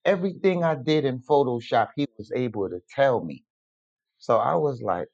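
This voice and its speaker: A man's voice: medium pitch, normal speed. A man casually telling a personal story, acting out the dialogue as he goes. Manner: animated, retells with quoted dialogue. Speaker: guest storyteller. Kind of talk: casual anecdote. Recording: dull lo-fi recording.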